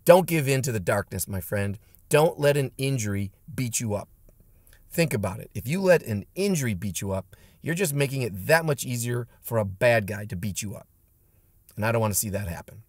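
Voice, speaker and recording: A man's voice: mid-range voice, animated, fairly quick, darkish tone, no echo, clean studio sound. A man who teaches martial arts giving an emphatic, punchy motivational talk to camera. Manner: emphatic and punchy, with blunt pep-talk lines. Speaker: martial arts instructor and channel host.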